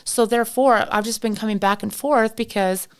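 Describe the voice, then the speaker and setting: With a smooth, steady voice that's a little high, a young Canadian podcast guest talks at a moderate pace. She's chatty, telling a long story where she acts out both sides and fills gaps with "like."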